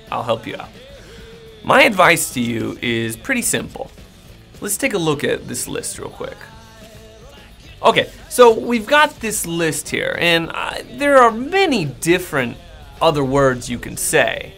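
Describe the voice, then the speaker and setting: An American man, an English teacher, gives a casual lesson straight to the camera and acts out sample replies in a friendly, animated way. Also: on the high side, measured pace, vocal fry, faint music behind. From United States.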